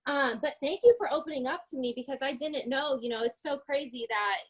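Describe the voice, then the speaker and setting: Young female interviewer, enthusiastic, encouraging, a bit high-pitched. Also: brisk.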